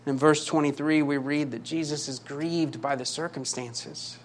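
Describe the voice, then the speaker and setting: Guy preaching hard, high voice, keeps repeating lines and asking the crowd questions. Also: fairly even intonation, measured pace, a little hiss or hum. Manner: impassioned, emphatic repetition, rhetorical questions. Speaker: pastor. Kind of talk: sermon.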